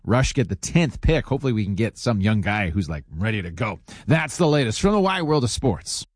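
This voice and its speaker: A man's voice: on the low side, big pitch swings, fairly quick. A man reading a casual morning sports update with quippy, offhand asides, on a studio mic. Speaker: sports reporter.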